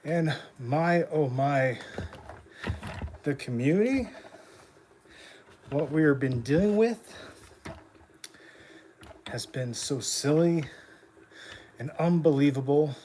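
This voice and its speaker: A man's voice: on the high side, lively intonation, slow pace, pauses often, warm tone, slight background noise. A young man hosting a casual livestream while riding an exercise bike, slightly out of breath, chatting and hyping up his viewers. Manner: talks while pedaling an exercise bike, a bit winded; upbeat hype when greeting chat. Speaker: livestream host.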